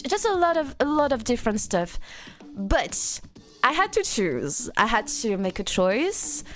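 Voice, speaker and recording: A woman from France with a French accent, chatting playfully with her live-stream audience and answering chat. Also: a little high.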